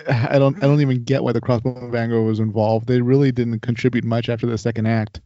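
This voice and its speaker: A man co-hosting a podcast in casual chat, talking in a relaxed, hesitant way. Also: mid-range voice, fast, no echo, lo-fi sound. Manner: relaxed and hesitant, with laughs and fillers. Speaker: podcast co-host.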